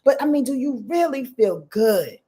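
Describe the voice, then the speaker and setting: A woman hosting a casual live-stream astrology reading, expressive and chatty, speaking straight to her viewers. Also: high-pitched, normal speed. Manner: expressive, talks straight to viewers, greets chat by name.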